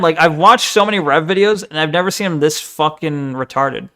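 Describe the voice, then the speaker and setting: Young guy streamer ranting and swearing at a video he's watching, kinda high voice. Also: fairly quick, sharp tone. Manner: exasperated, profane ranting. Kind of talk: casual live-stream reaction.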